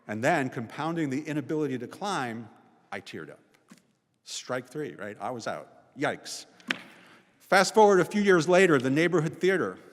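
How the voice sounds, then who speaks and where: A man in his sixties, a visiting professor, talks through personal stories in an easy conversational way. He often checks in with a quick "right?" Long reverb from the chapel hangs behind every phrase. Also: medium pitch. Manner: conversational, frequent "right?" tags. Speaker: guest speaker, sociology professor. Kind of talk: personal storytelling talk. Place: college chapel.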